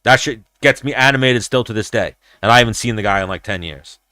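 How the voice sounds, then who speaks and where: A man hosting a casual livestream chat who tells stories in a profane, animated way and acts out his own quoted lines. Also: medium pitch, fast, dry recording, studio quality. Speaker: show host.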